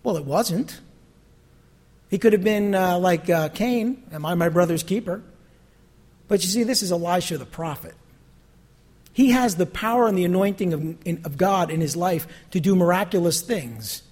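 Animated high-voiced pastor. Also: male voice, normal speed. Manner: conversational, animated, acts out quoted voices. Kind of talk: Bible study teaching.

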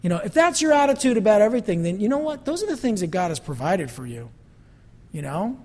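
A male pastor preaching a sermon, animated, with mocking quoted asides. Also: sits high, fast talker, in a large hall. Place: church sanctuary.

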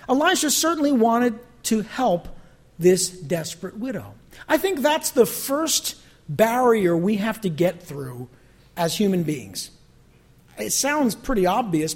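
A high-pitched man leading a Bible study. He talks like a pastor chatting with his flock, animated and conversational. He slips into quoted voices as he tells his stories.

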